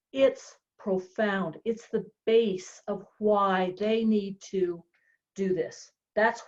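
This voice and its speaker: A woman real estate coach explaining a coaching method in an animated, chatty way. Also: mid-range voice. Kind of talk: coaching talk on a podcast. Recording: dull lo-fi sound.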